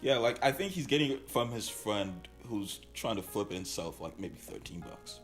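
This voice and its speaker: A man's voice: lowish voice, lively intonation, moderate pace, faint music behind. A young man as a podcast guest, talking loosely in casual chat. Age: young adult.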